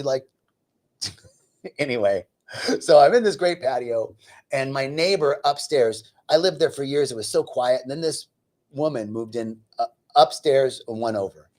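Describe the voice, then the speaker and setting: A man at a middle pitch giving a spiritual talk in a lively, conversational way. He mixes teaching with personal anecdotes, pokes fun at himself and keeps checking in with his listeners. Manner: animated, self-deprecating humor; conversational, lots of "right?" asides.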